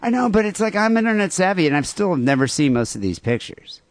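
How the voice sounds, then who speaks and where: A man's voice: sits high, sing-song, fast, no echo. A man co-hosting a crude podcast, reading listener emails and rambling sarcastically. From United States. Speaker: podcast co-host.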